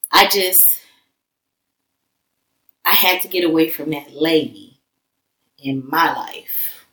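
In an echoey room, a woman with a lowish, slightly bright voice sits a bit back from the microphone. She's a guest in a candid personal conversation, speaking loosely and emphatically about her past.

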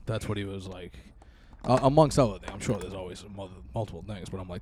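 A man's voice: low voice, fast talker, background noise. A young man co-hosting a podcast, telling a rambling, profane story in casual chat. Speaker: podcast co-host.

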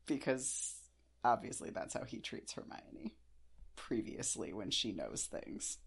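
A man co-hosting a casual podcast about a book, talking quickly and animatedly with sarcastic asides and casual swearing. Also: on the low side, very animated, vocal fry, a bit bright, breathy edge. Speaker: podcast co-host.

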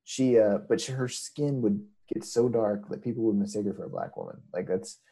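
Mellow, husky man spinning a rambling tale. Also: fairly low pitch, brisk, low-quality recording. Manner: rambling, many fillers and restarts, acts out quotes. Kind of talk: casual storytelling chat.

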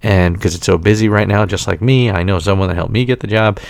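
A man's voice: lowish voice, fairly even intonation, fast, vocal fry, no room sound, clean studio sound. A man hosting a podcast, telling casual rambling anecdotes with frequent restarts and laughter. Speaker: podcast host. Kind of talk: casual chat.

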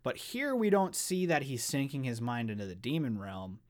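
Excitable man reading and discussing a novel. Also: mid-range voice, normal speed. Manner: excitable, swears, says dude a lot. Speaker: podcast co-host.

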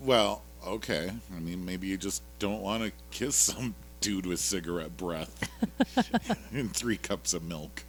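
A man's voice: sits low, unhurried, a bit bright, a little hiss or hum. A man co-hosting a casual podcast, retelling a TV episode in a rambling, jokey way with lots of fillers. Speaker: podcast co-host recapping a TV episode. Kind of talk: casual chat.

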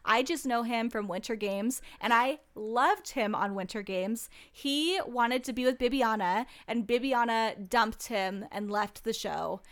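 A woman's voice: a little high, measured pace, hardly any pauses. A young woman in casual chat, recapping a reality show with lots of "like" and "um" and free swearing. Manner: chatty, swears freely, lots of "like" and "um".

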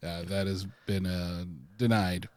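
A man's voice: deep voice, steady tone, unhurried, darkish tone, dry recording. Laid-back man with a dry close voice. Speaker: podcast co-host. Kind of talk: casual pop culture chat.

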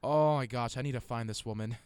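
A man's voice: mid-range voice, quick pace, a little mellow, slight background noise. A man co-hosting a casual podcast, joking crudely and laughing often. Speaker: podcast co-host. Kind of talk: casual chat. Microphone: studio mic.

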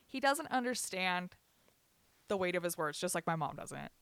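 A young woman co-hosting a podcast, venting bluntly with lots of swearing and telling animated stories between laughs. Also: lowish voice, normal speed, clear, resonant tone, no echo. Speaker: podcast co-host. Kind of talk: casual chat.

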